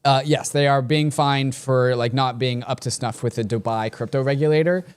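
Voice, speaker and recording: A man's voice: mid-range voice, fairly even intonation, moderate pace, clear, resonant tone. Chatty man co-hosting a podcast. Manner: chatty, lots of "like" fillers. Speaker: podcast co-host. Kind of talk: casual chat.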